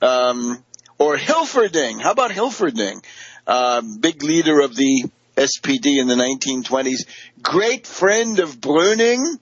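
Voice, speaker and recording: A man's voice: medium pitch, very animated, a little slow, slightly rough, no room sound, dull audio. A man giving a combative, sarcastic political commentary, full of fillers and mocking quotes of opponents. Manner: mimics opponents in quoted asides.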